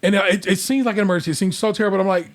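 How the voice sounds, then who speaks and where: A man's voice: high-pitched, racing. A man hosting a casual podcast, recapping in a rambling, conversational way with lots of fillers. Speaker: podcast host. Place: indoor room, recorded in person.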